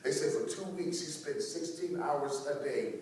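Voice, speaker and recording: A man giving a keynote talk to teachers, telling personal stories with animated humor. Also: fairly high pitch, moderate pace. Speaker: speaker. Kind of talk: storytelling keynote speech. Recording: echoey hall recording from far off, faint noise.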